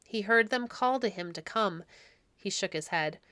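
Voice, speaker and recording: A woman hosting a storytelling podcast, reading classic stories aloud in a gentle, measured way. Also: medium pitch, animated, no echo. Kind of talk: storybook read-aloud narration.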